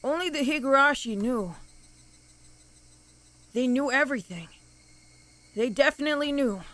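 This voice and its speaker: A paranoid young narrator from a horror game, voiced by a woman reading aloud, delivers each line with mounting dread. The voice sits high and bright, yet it sounds haunted. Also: animated, normal speed. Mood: dread-filled.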